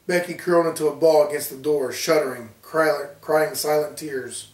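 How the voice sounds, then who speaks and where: A man reading his own horror story aloud with a steady storytelling delivery. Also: on the high side, moderate pace, few pauses. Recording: roomy, distant from mic.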